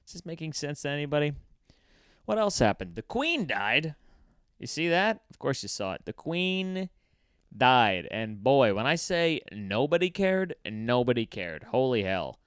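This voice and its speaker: A man's voice: mid-range voice, sing-song, moderate pace, clean tone, no echo, clean studio sound. Rambling, profane man host. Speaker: podcast host. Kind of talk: casual comedic monologue.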